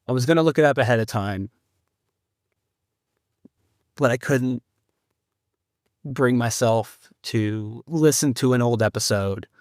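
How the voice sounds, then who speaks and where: A grieving man records a halting, rambling solo podcast update, restarting his sentences as he searches for words. His voice sits at an ordinary middle pitch and comes across close and dry, with no room sound around it. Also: dry recording. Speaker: podcast host.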